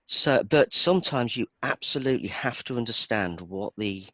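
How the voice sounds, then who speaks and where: A man talking as an interview guest in a casual chat, explaining things thoughtfully with brief pauses. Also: medium pitch, animated, sharp tone, dry recording. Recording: dull lo-fi sound.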